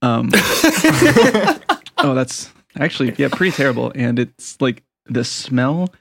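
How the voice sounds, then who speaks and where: A man in a casual podcast chat, wry and hesitant, with a gravelly voice. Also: mid-range voice, measured pace, background noise. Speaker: podcast co-host. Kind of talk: casual banter.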